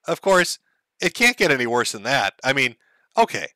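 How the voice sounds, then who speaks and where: Male streamer host, sarcastic and mocking, bright lively voice, dry close sound. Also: medium pitch, normal speed, dry recording. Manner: mocking, deadpan sarcasm with laughs.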